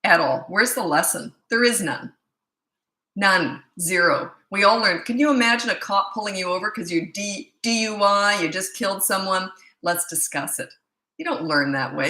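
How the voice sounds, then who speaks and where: A parenting coach speaks straight to camera in a casual advice monologue, blunt and emphatic, repeating points to hammer them home. Her lowish voice is bright, forceful, animated, and a little fast, with noticeable room echo.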